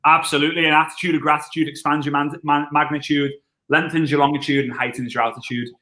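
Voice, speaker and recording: A man, an energetic and jokey network marketing trainer chatting on a live stream. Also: on the high side, fast. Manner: excitable, jokey, wordplay.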